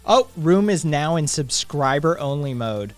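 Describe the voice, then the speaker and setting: A man's voice: a little high, expressive, measured pace, faint music behind. A man co-hosting a live stream, chatting casually, swearing and reading chat aloud. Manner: laid-back, swears, reads chat aloud. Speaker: stream co-host.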